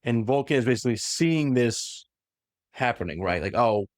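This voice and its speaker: A man's voice: medium pitch, animated, normal speed, no echo, studio quality. A man hosting a podcast, casually retelling a story with lots of fillers and self-corrections. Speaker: podcast host.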